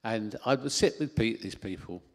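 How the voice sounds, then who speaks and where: Animated man preaching a sermon. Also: on the low side, moderate pace, vocal fry. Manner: animated, rising with emphasis, self-deprecating asides. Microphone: handheld microphone.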